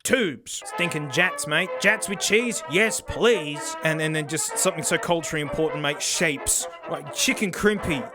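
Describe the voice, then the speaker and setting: A man from South Australia with an Australian accent, hosting a comedic video monologue in an excitable, slangy way and constantly saying "mate". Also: on the high side, measured pace, hardly any pauses. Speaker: tech reviewer and host. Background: background music.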